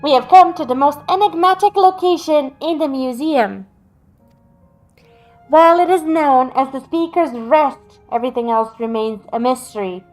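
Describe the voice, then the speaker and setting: An actress voicing a polished female museum guide who hosts a quiz, speaking in a formal, measured and courteous way. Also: sits high, a little mellow, soft background music, lightly acted, low-quality recording. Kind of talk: video game voice acting.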